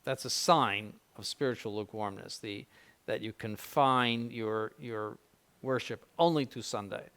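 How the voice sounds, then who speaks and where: Gravelly older man giving a seminary talk. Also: medium pitch, a little slow, a bit bright. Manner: conversational, repeats words, mild jokes, ironic asides. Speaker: bishop giving a spiritual conference to seminarians. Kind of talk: informal spiritual conference.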